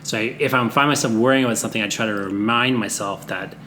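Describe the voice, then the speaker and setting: A man's voice: mid-range voice, quick pace, bright, forceful tone, a little hiss or hum. A middle-aged man hosting a podcast in casual chat, rambling and hesitant, laughing often. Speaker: podcast host.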